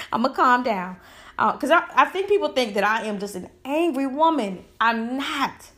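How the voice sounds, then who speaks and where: A woman's voice: high voice, sing-song, measured pace, bright, forceful tone. A woman giving a heated, emphatic opinion monologue full of rhetorical questions. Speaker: commentator.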